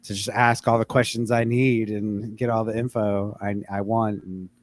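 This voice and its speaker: A man's voice: on the low side, little pitch movement, normal speed. A man appearing as a podcast guest, talking in a laid-back, easygoing way full of casual slang.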